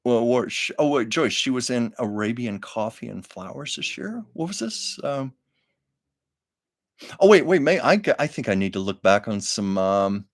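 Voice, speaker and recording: A man's voice: mid-range voice, very animated, moderate pace. An older man hosting a casual livestream, telling anecdotes with frequent laughs and reading viewer comments aloud. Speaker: livestream host. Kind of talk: casual storytelling chat.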